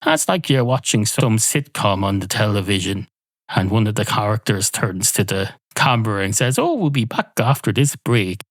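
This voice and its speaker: A man's voice: on the low side, very animated, moderate pace, no room sound. A man voicing a fussy male barman who rambles on indignantly and pedantically. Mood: musing.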